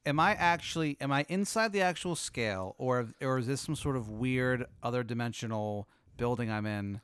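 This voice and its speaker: A male comedian playing along with an absurd hypothetical, exasperated and quick with comebacks. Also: mid-range voice, fairly bright tone, smooth, dry recording. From United States. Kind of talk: casual improvised comedy banter.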